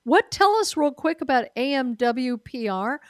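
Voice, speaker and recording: Talk show host lady, kinda high voice, dry close sound, quick to jump in. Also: animated, no room sound. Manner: quick interjections, laughs along, pointed questions. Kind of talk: casual interview chat.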